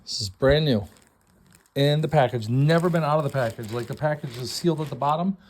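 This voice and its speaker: A man's voice: a little high, brisk, darkish tone, a little hiss or hum. A middle-aged man hosting a casual, enthusiastic walkthrough of a house before an estate sale, chatty and self-deprecating. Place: inside a house, walking through rooms.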